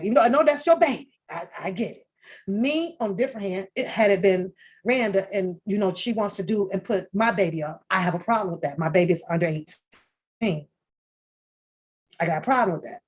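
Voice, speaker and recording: Speaking at normal speed in a husky, mid-range voice, a woman pauses often while hosting her reaction channel. She rambles casually about a reality show, cursing freely, laughing a lot and frequently starting over.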